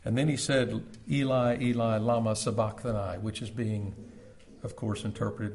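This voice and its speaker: A man preaching a sermon at a church service, with dramatic pauses, building loud and then dropping to near-whispers. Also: on the low side, fairly even intonation, a little hiss or hum.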